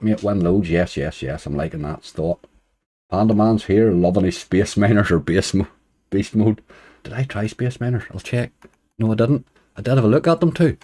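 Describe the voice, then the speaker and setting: Mellow-voiced man chatting on a live stream. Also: lowish voice. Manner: chatty, greets viewers by name, chuckles. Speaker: slots streamer greeting chat. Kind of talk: casual live-stream chat.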